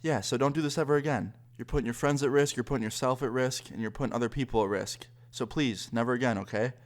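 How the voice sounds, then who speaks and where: A man voicing a calm, firm male police officer who lectures in measured sentences. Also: mid-range voice, natural voice. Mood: stern.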